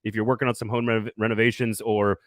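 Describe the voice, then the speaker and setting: A man's voice: on the low side, flat delivery, fast, no echo. Man, sports show host, upbeat and jokey, dry close sound. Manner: upbeat, laughs often, jokey. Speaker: podcast host. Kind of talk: casual sports talk and sponsor reads.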